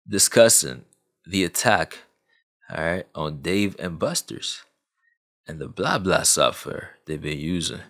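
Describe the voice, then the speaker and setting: A man's voice: sits low, gravelly, fairly bright tone. A man telling a true story in a casual, rambling way, full of fillers and asides.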